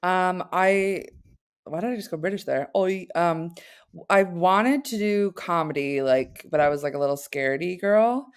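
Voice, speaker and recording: A woman guest on a podcast, with a smooth, clear voice. She tells self-deprecating stories in a relaxed, chatty way. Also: fairly low pitch, moderate pace. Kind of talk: casual chat.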